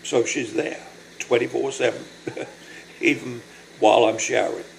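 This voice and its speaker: An older man recording a personal video diary, speaking in a halting, apologetic, emotional way and short of breath from illness. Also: mid-range voice, fairly even intonation, vocal fry, a little hiss or hum, poor audio. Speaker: vlogger.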